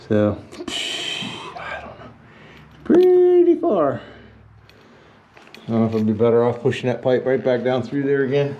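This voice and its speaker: A man's voice: mid-range voice, warm tone, slight background noise. A man vlogging his house restoration, narrating casually and wryly to viewers while he digs and works outdoors. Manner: folksy, wry and self-deprecating, talks to viewers mid-task. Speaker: DIY home restoration vlogger. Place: outdoors at a house and well house, digging.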